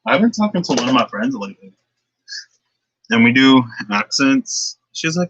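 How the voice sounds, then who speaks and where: A man's voice: mid-range voice, animated, normal speed, bright, forceful tone, no room sound, lo-fi sound. A young man casually chatting on a tarot-reading livestream, rambling with lots of fillers and frequent laughs, speaking into a laptop webcam. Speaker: tarot card reader.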